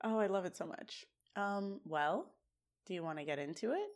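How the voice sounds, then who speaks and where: A woman's voice: medium pitch, moderate pace. Chatty young woman recapping a sitcom. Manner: animated retelling with quoted lines. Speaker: podcast co-host. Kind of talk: casual recap chat.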